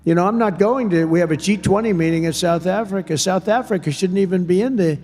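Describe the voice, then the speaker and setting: A male politician speaking in a rambling way, repeating himself as he goes. His voice is noticeably high for a man. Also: fast, a little mellow.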